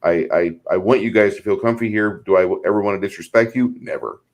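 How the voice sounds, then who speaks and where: Male co-host with a lowish voice, loose and rambling, casual chat delivery. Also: fairly even intonation, quick pace, low-quality recording. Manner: rambling, lots of "like".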